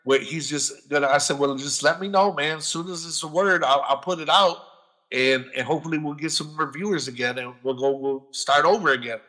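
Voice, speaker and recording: Lively, bright-voiced man telling a story. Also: fairly high pitch, fairly quick. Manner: animated, swears freely, acts out other voices. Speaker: podcast guest. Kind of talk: casual profane storytelling.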